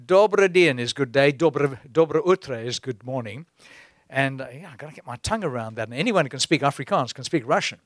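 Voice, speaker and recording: A man's voice: mid-range voice, animated, brisk, dry recording. A man preaching a sermon in an exhorting way, breaking into chuckles.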